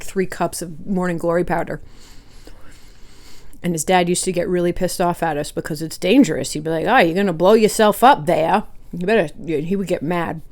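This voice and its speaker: Woman food vlogger, lowish voice, rambling casual storyteller talking between bites. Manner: chatty, rambling, laughs while eating.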